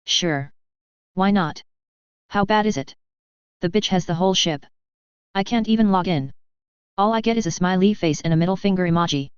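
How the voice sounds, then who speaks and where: A woman's voice: on the low side, moderate pace, pauses often, clean tone, no room sound, natural voice. Weary wry hacker woman, read by a female narrator. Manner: dry, grim humor. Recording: dry, slightly dull lo-fi recording.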